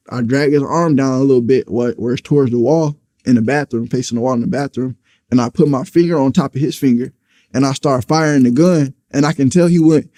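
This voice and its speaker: Mellow New York man recounting a story. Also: mid-range voice. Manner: vivid retelling, acting out dialogue. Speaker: interview guest. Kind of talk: telling a story in an interview.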